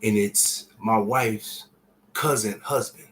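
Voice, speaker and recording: A man's voice: on the low side, takes it slowly, rough recording. A man telling an emotional personal story to his viewers in casual, profane speech, his voice falling to near-whispers and then swelling again. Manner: drops to near-whispers and rises to shouts while retelling. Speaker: vlogger sharing a personal story.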